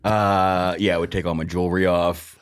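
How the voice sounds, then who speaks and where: A man with a low voice trades deadpan jokes in relaxed comedy podcast banter. His delivery stays dry and unhurried. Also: clear, resonant tone. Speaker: podcast co-host. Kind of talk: casual comedy chat.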